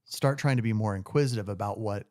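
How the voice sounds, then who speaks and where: A man's voice: fairly low pitch, fast, a little mellow, no echo, clean studio sound. A man hosting a podcast interview, who talks in a loose, casual way and swears freely. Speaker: podcast host.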